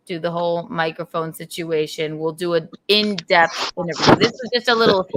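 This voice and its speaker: A woman's voice: on the low side, fairly bright tone, slight background noise, low-quality recording. A woman hosting a podcast as a live stream, chatting casually, teasing and joking with a guest. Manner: teasing, playful, quick to joke. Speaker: podcast host. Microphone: live-stream setup.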